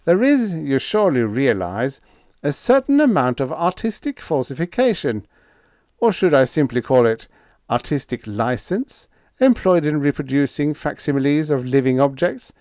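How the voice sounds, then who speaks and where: A man's voice: a little high, very animated, moderate pace, darkish tone, no echo, studio quality, voice pushed up. A man voicing a meek, mild-mannered young spaceship officer who talks blandly and stammers when flustered, in an audiobook. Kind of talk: audiobook character voice.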